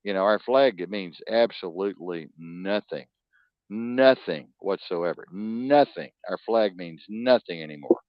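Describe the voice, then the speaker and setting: A man's voice: low-pitched, unhurried, dry recording. A man hosting a talk show, ranting bluntly and profanely in a rambling, emphatic way. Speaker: podcast host. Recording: dull lo-fi dry sound.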